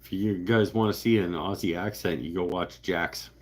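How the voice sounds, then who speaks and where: A man with a low, husky voice hosts a live stream, wandering from topic to topic in loose, joking chat. He often cuts himself off and restarts as he reacts to viewer comments. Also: fairly even intonation, moderate pace, darkish tone. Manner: rambling, joking, self-interrupting. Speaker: livestream host.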